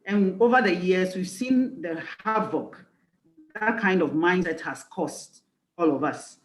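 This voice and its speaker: A woman's voice: lowish voice, measured pace, echoey room, faint music behind, rough recording. A woman life coach giving a conference talk, earnest and reflective, leaning on key phrases. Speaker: executive life coach and speaker.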